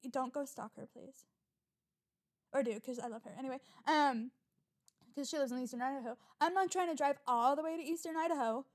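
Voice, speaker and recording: This podcast host is a young woman talking on her own, her fairly high voice moving at a fairly quick pace. Her chatter is lively, sprinkled with casual swearing, and she's quick to get worked up.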